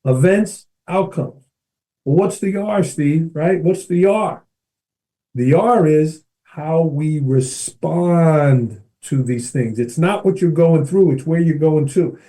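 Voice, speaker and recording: A middle-aged man talking as a podcast guest, spinning an energetic story and often tossing in a quick "right?" to his host. His voice sits a little high for a man, yet it sounds warm and mellow. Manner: energetic, keeps checking in with "right?" and addresses the host by name. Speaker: podcast guest, educator and speaker. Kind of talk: animated storytelling in conversation.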